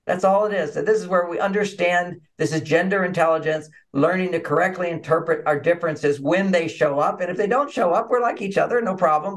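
Guy on a video call chatting and acting out stories, slightly high voice. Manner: animated, acts out quoted dialogue. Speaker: relationship author and interview guest. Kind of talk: conversational interview storytelling.

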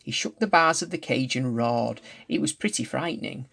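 Gravelly-voiced man reading a story. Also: medium pitch, lively intonation, moderate pace, fairly bright tone. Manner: restarts and corrects slips while reading. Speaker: reader. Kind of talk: reading a novel aloud.

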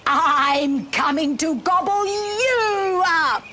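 A woman voicing a big, bold male billy goat who bellows his words loud and drawn out. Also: very high-pitched, animated, extremely slow, a little hiss or hum, pitched above the performer's own voice, heavily acted. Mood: defiant.

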